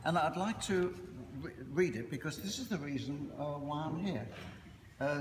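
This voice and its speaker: Older Cockney man, after-dinner speaker, animated pitch, echoey hall with background noise. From East End of London. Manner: anecdotal, self-deprecating, frequent "uh" pauses.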